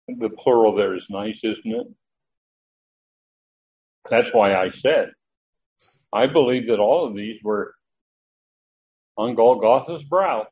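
A man teaching scripture in a conversational, meandering manner with frequent fillers. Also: mid-range voice. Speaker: Bible teacher. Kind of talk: sermon. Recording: dull lo-fi recording with faint ambience.

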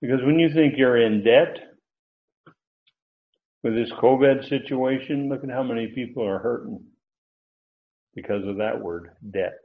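A man's voice: medium pitch, unhurried, pauses often. A man preaching an expository sermon, teacherly, lifting his voice to stress key words. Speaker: pastor. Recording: tinny phone-like audio.

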